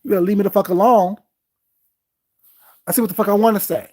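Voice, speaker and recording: A man's voice: high voice, fairly even intonation, fast, darkish tone. A man hosting his own vlog from home, delivering a heated, profane, confrontational rant of commentary aimed at his critics. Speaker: vlogger host.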